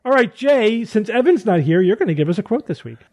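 A man's voice: sits high, very animated, fairly quick, darkish tone. A man in his fifties hosting a casual panel chat, explaining at length with many restarts. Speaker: podcast host.

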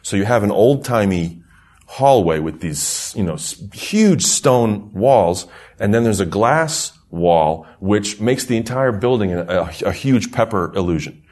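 Middle-aged guy, really low voice but swings all over, rambly and laughing as he tells it. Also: measured pace. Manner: rambling, animated, laughs through the telling. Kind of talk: casual storytelling chat.

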